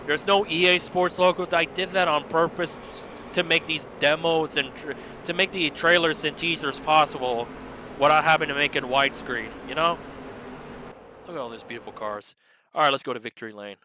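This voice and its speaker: A man talks through his racing game mod on a livestream, rambling and chatty, with bursts of excited cheering. His voice sits a little high and comes across bright and forceful. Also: slight background noise. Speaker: game modder and streamer. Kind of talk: livestream gameplay commentary.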